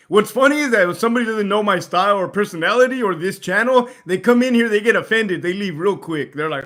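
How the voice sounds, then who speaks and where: A man's voice: high voice, expressive, fairly quick, fairly bright tone. A man hosting a casual livestream, swearing freely and laughing as he talks to his chat. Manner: profane, laughing, reading chat aloud. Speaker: livestream host.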